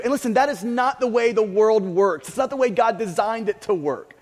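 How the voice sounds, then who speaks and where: A man's voice: sits high, normal speed, few pauses, a little mellow. A male pastor preaching a sermon earnestly, often stammering and repeating words. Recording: long reverb of a large hall.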